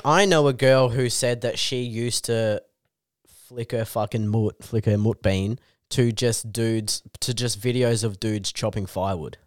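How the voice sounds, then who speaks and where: Man, crude ranting banter, lots of swearing, medium pitch, dry close sound. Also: steady tone, measured pace, no echo. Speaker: podcast co-host.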